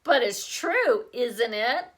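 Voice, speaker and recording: A woman's voice: high voice, very animated, slow, bright, forceful tone, full character voice. Woman doing a condescending teenage know-it-all.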